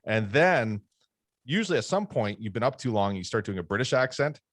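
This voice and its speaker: A man's voice: mid-range voice, sing-song, a little fast, a bit bright, dry recording. A man co-hosting a casual podcast chat, ribbing his friend in a dry, teasing way. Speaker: podcast co-host.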